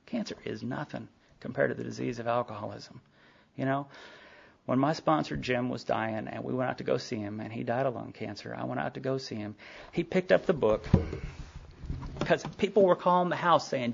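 Gravelly husky man telling his story. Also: mid-range voice, normal speed. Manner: rambling storytelling with many fillers, quoting others. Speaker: speaker at a recovery meeting. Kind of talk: personal recovery talk. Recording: dull lo-fi recording.

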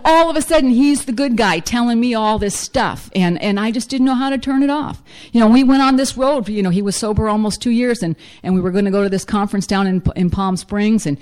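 A woman's voice: mid-range voice, darkish tone. A middle-aged woman speaks to a recovery group about her own story. She is blunt and self-mocking. She talks in loose, run-on sentences full of "you know". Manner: blunt and humorous, fills speech with "you know". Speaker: speaker sharing at a recovery meeting. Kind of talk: personal recovery share to a group.

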